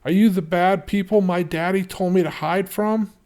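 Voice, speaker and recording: A man voicing a small, frightened girl who speaks in a halting, pleading way. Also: fairly low pitch, fairly even intonation, dark tone, voice pushed up, natural voice. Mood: scared.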